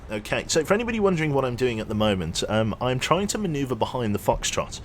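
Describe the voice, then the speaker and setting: A young man casually commentating his gameplay on a livestream, chatty and quick to launch into an animated story. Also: medium pitch, a little hiss or hum. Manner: chatty, animated storyteller who thanks subscribers. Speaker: streamer.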